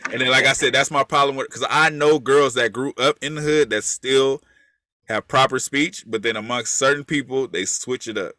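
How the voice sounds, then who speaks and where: A man co-hosting a casual TV review chat, his voice bright and forward. The sound is dry and close, with no room around it. He turns animated and acts out other people's voices to make a point. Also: medium pitch, moderate pace, no echo. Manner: animated, mimics voices for emphasis. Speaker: podcast co-host.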